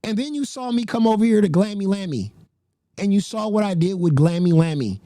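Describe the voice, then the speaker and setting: A host speaks straight to the chat in a loose, profane commentary style and breaks into laughter again and again. The pitch swings widely from line to line. The sound is dry and close, with no room echo. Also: a little fast. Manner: laughs often, swears freely, animated. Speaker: livestream host. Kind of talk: casual livestream commentary.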